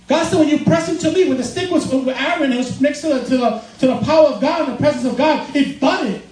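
A man preaching a sermon as pastor, casual and joking, often laughing as he talks. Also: very high voice. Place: church. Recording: roomy, distant mic with faint noise.

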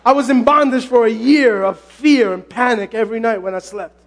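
A male pastor preaching a sermon, often shouting, telling his story with lively exclamations. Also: very high voice, fairly quick. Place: church sanctuary.

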